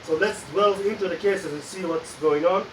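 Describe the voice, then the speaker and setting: A man in his forties with an Israeli accent, a Hebrew speaker doing open-mic stand-up in English with dark deadpan jokes and hesitant fillers in a small basement club. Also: high-pitched, moderate pace, noisy background. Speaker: stand-up comedian. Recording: roomy echo, distant mic.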